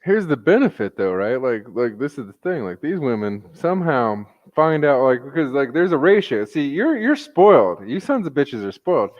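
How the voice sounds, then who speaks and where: A man's voice: medium pitch, big pitch swings, normal speed, hardly any pauses, muffled recording. A man hosting a casual podcast chat, rambling and crude, full of filler words. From United States. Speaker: podcast host.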